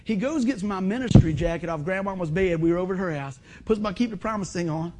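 A middle-aged man preaching a sermon in a folksy, animated way, acting out other people's voices. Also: high-pitched, quick pace, noisy background. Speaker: pastor.

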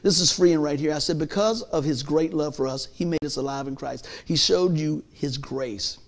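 A man preaching a sermon in a folksy, conversational way, swinging from hushed lines to shouts. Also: a little high, moderate pace, gravelly.

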